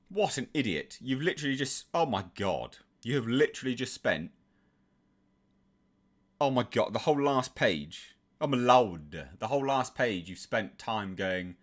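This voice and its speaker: A man's voice: mid-range voice, sing-song, unhurried. A man, hosting and reading a comic aloud with sarcastic, profane commentary. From England. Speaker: host.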